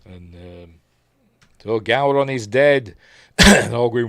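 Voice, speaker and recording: A man with a Yorkshire accent, his voice going hoarse, rambling through a live casual episode recap with lots of ums and asides. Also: medium pitch, slow pace, a bit bright, dry recording, clean studio sound. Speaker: streamer reviewing TV episodes.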